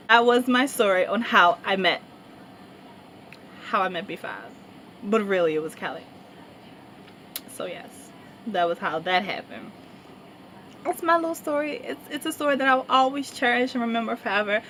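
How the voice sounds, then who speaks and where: A woman's voice: a little high, moderate pace, long pauses, pushed and bright, slight background noise. Chatty young woman telling a story. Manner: chatty, rambling, lots of fillers and laughter. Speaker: vlogger. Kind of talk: casual storytime vlog.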